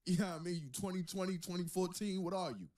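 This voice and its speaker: A man's voice: high-pitched, fast talker, darkish tone. A man hosting a podcast, reacting with incredulous jokes and laughter in casual banter. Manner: incredulous, joking commentary with laughter. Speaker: podcast host.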